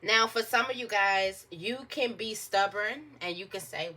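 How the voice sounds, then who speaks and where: A woman's voice: mid-range voice, moderate pace, hardly any pauses, bright, forceful tone, slight background noise. A woman giving a casual tarot reading to her viewers, chatty and repetitive, with emphatic asides. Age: adult. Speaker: tarot reader.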